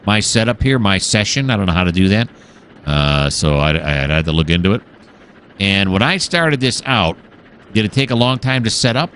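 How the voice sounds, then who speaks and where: Low, lively rambling game commentator man. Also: normal speed, a little hiss or hum. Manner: rambling, easily distracted, musing aloud with many fillers. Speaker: gaming channel host. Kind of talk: casual let's-play commentary.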